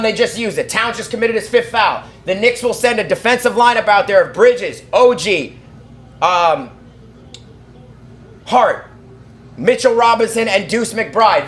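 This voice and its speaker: A man calling live basketball play-by-play from his own setup, rattling off quick calls and shouting at the big plays. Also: high voice, echoey room, a little hiss or hum. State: out of breath. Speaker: fan play-by-play commentator.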